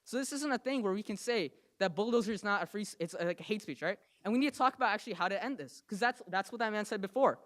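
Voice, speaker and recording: A young man from New Jersey giving an impassioned public comment at a council meeting, fast and emphatic, ending phrases with "okay?" and "right?". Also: sits high, animated, a bit bright.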